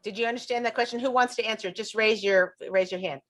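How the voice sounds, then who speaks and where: A woman with a bright voice hosts a live talk show. She prompts her guests eagerly and often repeats herself. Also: fairly high pitch, fast. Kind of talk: casual live show hosting.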